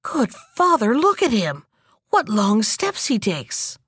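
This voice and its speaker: A woman's voice: on the high side, huge pitch swings, slow pace, a bit bright, breathy edge, no echo, clean studio sound, heavily acted. Earnest young hero, read by a woman. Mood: eager. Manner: eager, pleading. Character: earnest kind-hearted young man.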